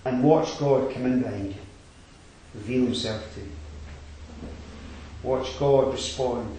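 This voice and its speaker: A man preaching a sermon, swinging between quiet reflection and loud emphatic exhortation. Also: mid-range voice, slow pace, pauses often. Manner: rising to emphatic exhortation, then dropping quiet. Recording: very echoey hall.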